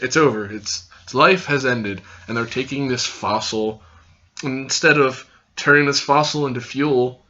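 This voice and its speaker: A young man talks straight to his camera in a casual vlog review, with a bright, forceful edge to his voice. He is hyper and loud, rambles from point to point and swears freely. The sound is a little dull and lo-fi. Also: medium pitch. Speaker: host and reviewer. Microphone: camera recording.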